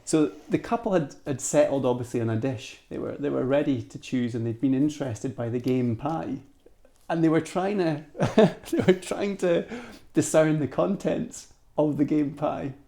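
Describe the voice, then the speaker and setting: A man with a Scottish accent, a podcast guest telling a story in a casual, animated way with frequent restarts. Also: fairly high pitch, moderate pace, gravelly. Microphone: cheap microphone.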